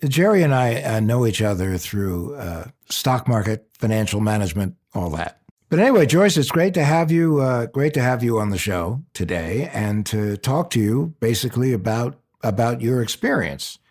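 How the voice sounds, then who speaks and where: A man hosting a podcast, joking and chatting with a guest in a lively way. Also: medium pitch. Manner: lively and jokey, quick asides. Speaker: podcast host. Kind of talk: casual podcast chat.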